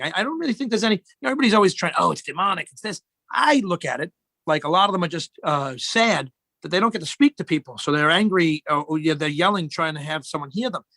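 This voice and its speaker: A man's voice: high voice, pushed and bright, no echo. A middle-aged man, a guest in casual chat, telling rambling joking stories.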